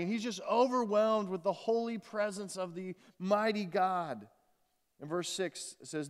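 A man preaching a morning sermon in earnest, often restarting his words and swinging between loud emphasis and soft, quiet passages. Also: high voice, animated, moderate pace, clear, resonant tone. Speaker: pastor. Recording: long reverb of a large hall.

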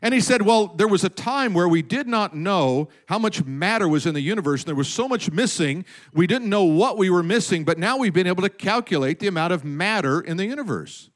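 Brief: male pastor, high lively voice, preaching a sermon with big swings. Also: brisk, hardly any pauses. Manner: animated preaching, dropping to a hush for effect.

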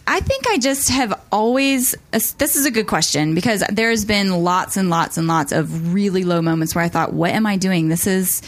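A woman's voice: mid-range voice, animated, moderate pace, few pauses. A woman on a panel speaking reflectively.

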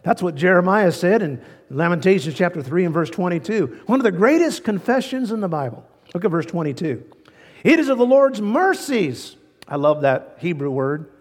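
A man's voice: high-pitched, brisk, hardly any pauses, in a large hall. A male pastor preaching a sermon in a folksy, fervent way, repeating key phrases for emphasis.

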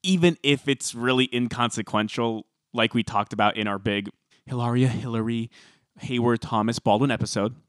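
A man co-hosting a podcast, chatting casually and telling stories with animated emphasis. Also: mid-range voice, moderate pace, no room sound, studio quality. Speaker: podcast co-host.

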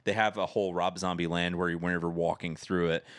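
A man's voice: low voice, flat delivery, fast, dry recording, clean studio sound. A man co-hosting a casual podcast chat, rambling through stories with lots of fillers. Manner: rambling, filler-heavy storytelling. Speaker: podcast co-host. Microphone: microphone.

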